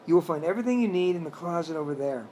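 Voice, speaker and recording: A stately storybook frog butler, put on by a male narrator, speaking with a stiff English accent in a firm yet caring way. His voice sits a touch high. A faint hiss runs under the recording. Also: expressive, rapid-fire, mellow, close to an everyday voice. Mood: formal.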